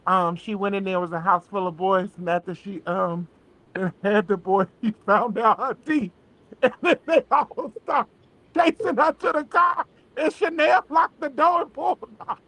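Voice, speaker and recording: A man's voice: sits high, moderate pace, pushed and bright, poor audio. A man on a podcast retelling a story in casual chat, with plenty of ums.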